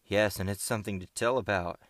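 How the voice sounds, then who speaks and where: A man's voice: lowish voice, steady tone, fairly quick, a bit bright, dry recording, lightly acted. A man voicing a practical, matter-of-fact teenage boy scout who does the cooking, in an audiobook.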